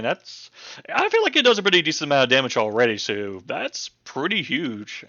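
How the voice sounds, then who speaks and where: A man's voice: medium pitch, sharp tone, no echo, lo-fi sound. A man casually going over game patch notes for his channel, rambling and chatty with many ums, hiccuping now and then. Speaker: gaming channel host.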